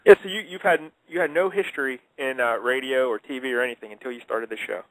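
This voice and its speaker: A man's voice: medium pitch, quick pace, fairly bright tone, dry recording, rough recording. A man hosting a radio show, interviewing a guest in a chatty, joking way.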